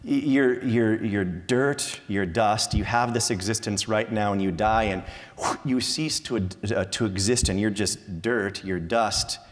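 Animated preacher man in reverberant church. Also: on the low side, measured pace. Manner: animated, with frequent repeated words and fillers. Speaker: pastor. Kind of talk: sermon. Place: church sanctuary.

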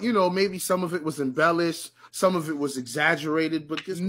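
A man co-hosting a casual podcast, animated and talking in quick bursts. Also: on the high side. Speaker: podcast co-host.

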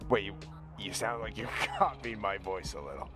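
A man voicing a chatty, conspiratorial sandwich-ad pitchman in a video game. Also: expressive, normal speed, music in the background, lightly acted. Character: male commercial pitchman for a sandwich chain.

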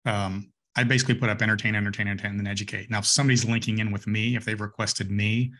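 A man who is a guest on a podcast, telling stories from his sales work in a relaxed, conversational way with quick restarts. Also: on the low side. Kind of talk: casual interview chat.

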